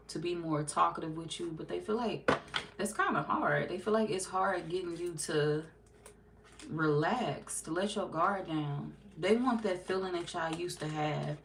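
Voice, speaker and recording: Chatty woman reading tarot, low voice. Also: gravelly, a little hiss or hum. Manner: chatty, laughs often, slips into playful quoted voices. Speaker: tarot reader. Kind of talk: casual tarot reading for viewers.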